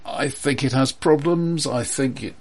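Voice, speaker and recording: A man running through a film chart in a casual chat with a friend. He speaks in a measured, hesitant way, pausing often on ums and uhs. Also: mid-range voice, slight background noise. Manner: measured, hesitant, many fillers. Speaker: podcast co-host presenting a chart.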